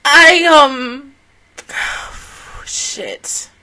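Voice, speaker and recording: A woman's voice: high voice, big pitch swings, extremely slow, bright, forceful tone, a little hiss or hum. A woman hosting a casual anime reaction, emotional and tearful, exclaiming and swearing often. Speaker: anime reaction channel host.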